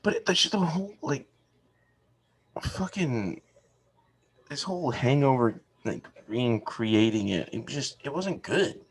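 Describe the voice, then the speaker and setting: Gravelly, husky-voiced man telling family stories. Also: medium pitch, animated, unhurried, pauses often. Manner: laughing storyteller, acts out family quotes. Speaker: podcast co-host. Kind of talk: casual chat.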